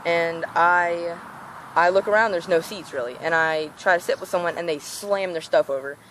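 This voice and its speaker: A woman's voice: lowish voice, normal speed, a little hiss or hum. A teenage girl telling a storytime rant in a casual vlog, acting out what people said. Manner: animated, acts out quoted voices. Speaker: vlogger.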